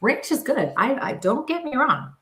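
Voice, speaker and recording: A woman's voice: high voice, sing-song, moderate pace, fairly bright tone, reverberant. A woman with a Western New York accent, co-hosting a casual live stream with chatty, laughing storytelling. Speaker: co-host, psychic medium.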